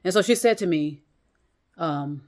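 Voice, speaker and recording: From a chair in a small room at home, a female vlogger talks casually to camera in a fairly low, slightly mellow voice with lively intonation. She speaks a little slowly and rambles, with many restarts, fillers and blunt swearing.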